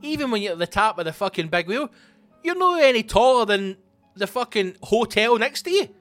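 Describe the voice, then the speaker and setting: A Scottish man riffs through a comedy monologue, swearing and ranting with lots of energy. His voice sits fairly high for a man. The sound is close and dry, with faint music behind. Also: animated, brisk, fairly bright tone, dry recording. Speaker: comedian host.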